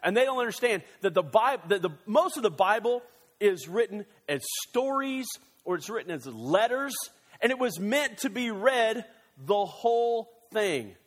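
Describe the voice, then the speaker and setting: A male pastor preaching a sermon in a church, animated and joking, with quick excited bursts. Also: high voice, long reverb tail.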